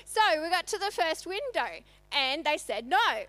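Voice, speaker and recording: A woman's voice: very high-pitched, sing-song, measured pace, a bit bright, no echo. A woman, telling a story in a conversational church sermon. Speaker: church speaker. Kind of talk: sermon testimony.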